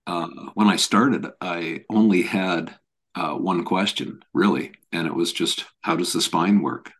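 Deep-voiced professor telling stories. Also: male voice, unhurried, fairly bright tone. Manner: earnest, repeats words as he restarts. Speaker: professor of spine biomechanics, guest. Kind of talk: conversational storytelling.

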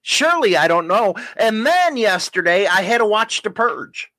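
A man's voice: high voice, very animated, moderate pace, bright, forceful tone, dry recording. A man co-hosting a casual podcast with his wife, ranting and teasing with plenty of profanity. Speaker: podcast co-host. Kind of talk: casual banter.

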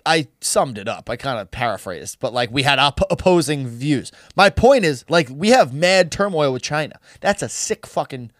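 A young man co-hosting a podcast, animated and swearing a lot in casual chat. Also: mid-range voice, moderate pace, few pauses, no room sound, clean studio sound. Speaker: podcast co-host.

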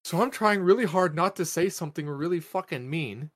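A man co-hosting a podcast, telling a long story in a loose, profane way, padding it with "like" and acting out quotes in a raised voice. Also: a little fast. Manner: profane, animated storyteller with many "like" fillers; jumps up in pitch when acting out quotes. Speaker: podcast co-host. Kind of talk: casual storytelling chat.

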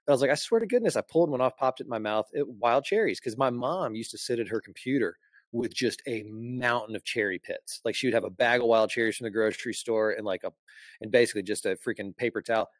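A man's voice: mid-range voice, fast talker, no echo. A man from Michigan hosting a podcast, chatting in an enthusiastic, playful and jokey way. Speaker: podcast host. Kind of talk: casual chat.

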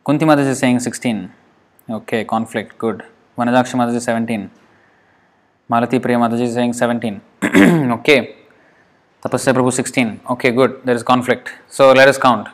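Over a video call, a man teaching Sanskrit speaks at a middle pitch with fairly even intonation. He patiently reads out each student's answer in turn, breaking words into syllables and drawing them out slowly while counting.

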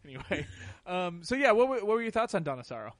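A man's voice: sits high, very animated, dry recording, clean studio sound. An American man co-hosting a podcast, chatting casually with playful jokes. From United States. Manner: joking, playful, quick asides. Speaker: podcast co-host. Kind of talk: casual chat.

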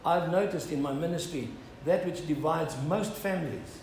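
A man's voice: on the high side, normal speed, a little mellow, echoey room, a little hiss or hum, poor audio. A male pastor preaching an earnest sermon, building up to emphatic appeals and asking "Amen?".

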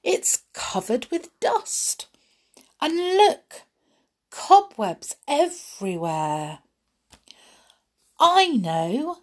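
A woman voicing a sweet, eager young princess in a high, sing-song voice while reading a storybook aloud. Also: breathy edge, heavily acted. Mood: cheerful.

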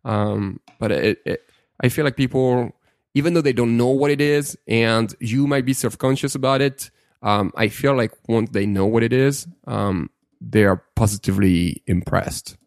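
Man, podcast co-host, casual storytelling, restarts a lot, mid pitch, dry close mic. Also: normal speed, creaky, darkish tone, dry recording. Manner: anecdotal storytelling with many restarts. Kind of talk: casual tech podcast chat.

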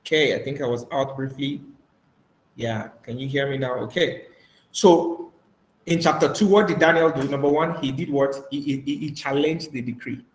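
Echoey animated male preacher. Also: medium pitch, normal speed. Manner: animated storytelling, acts out quoted voices. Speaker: pastor. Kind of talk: sermon over a voice call.

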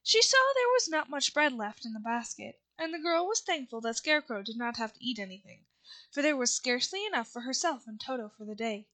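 A woman reading a children's novel aloud in a steady, unhurried way, with small slips now and then. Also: sits high. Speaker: reader.

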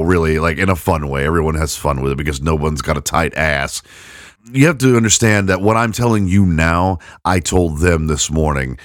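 A man's voice: low-pitched, fairly bright tone, dry recording, studio quality. A middle-aged man hosting a podcast, rambling through a funny story and laughing at himself. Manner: rambling, self-mocking, laughing at his own story. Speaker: podcast host. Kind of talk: casual storytelling monologue.

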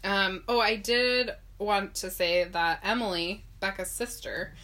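Woman, podcast co-host, casual chat, bright voice, laughs easily, sniffly. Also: mid-range voice, measured pace. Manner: laughs easily, chatty, recaps at length. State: sniffly after sneezing.

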